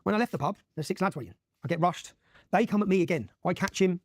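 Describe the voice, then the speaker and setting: Guest, rapid-fire emphatic storyteller, dry room. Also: male voice, high voice, lively intonation, a little mellow, dry recording. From Luton, England. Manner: rapid, emphatic, keeps checking with "yeah?". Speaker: interview guest. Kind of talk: animated personal storytelling.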